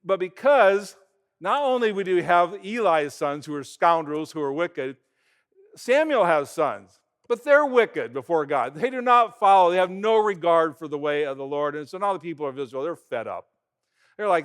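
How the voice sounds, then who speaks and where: Higher-voiced man preaching casually. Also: normal speed, clean tone. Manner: animated storytelling, retelling events in everyday talk. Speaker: pastor. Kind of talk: conversational sermon.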